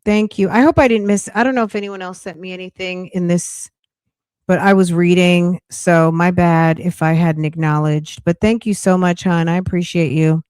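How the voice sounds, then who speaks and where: A woman's voice: lowish voice, steady tone, normal speed, a little mellow, clear, resonant tone, no echo, clean studio sound. A woman hosting a casual livestream, chatting and thanking viewers as she thinks aloud. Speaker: podcast host. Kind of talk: casual livestream reaction chat.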